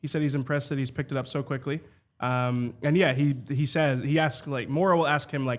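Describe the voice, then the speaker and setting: A man's voice: medium pitch, fairly even intonation, fairly quick, few pauses. A man from Philadelphia with a faint Philadelphia accent, a team reporter chatting casually on a sports podcast with many fillers and restarts.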